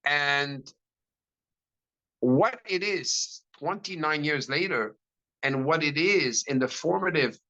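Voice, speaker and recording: A middle-aged man, a rabbi, giving a lecture to a class in an animated storytelling way, with frequent restarts. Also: a little high, slow pace, muffled recording.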